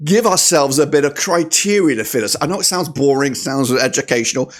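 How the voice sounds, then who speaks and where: A man hosting a casual football preview video, energetic and chatty, with frequent "of course" fillers. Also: medium pitch, brisk, hardly any pauses. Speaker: football channel host. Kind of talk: casual YouTube match preview.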